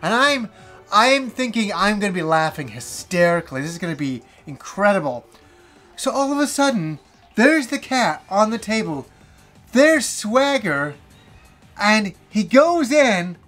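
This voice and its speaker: A man in his forties telling a story to camera as a vlogger, animated and laughing, swearing freely. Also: high voice.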